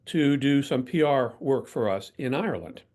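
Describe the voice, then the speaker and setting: Older guy telling a story on an interview show, calm, laughs at himself a bit. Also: medium pitch, normal speed. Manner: reflective, self-deprecating anecdotes. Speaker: guest, PR professional.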